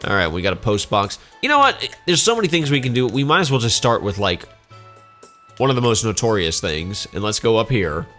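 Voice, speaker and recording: A man's voice: fairly low pitch, lively intonation, brisk, fairly bright tone, soft background music. A man casually commenting on a video game as he plays, sarcastic and joking. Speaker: let's play host.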